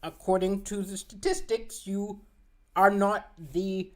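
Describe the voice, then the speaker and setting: A man voicing a stern boss who calmly fires an employee. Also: high voice, takes it slowly. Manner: firm, matter-of-fact.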